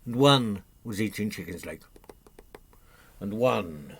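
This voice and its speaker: A man telling a folk tale to families, animated, asking the audience questions and doing animal noises. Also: fairly low pitch, takes it slowly, long pauses, breathy edge. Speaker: storyteller. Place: home, online session.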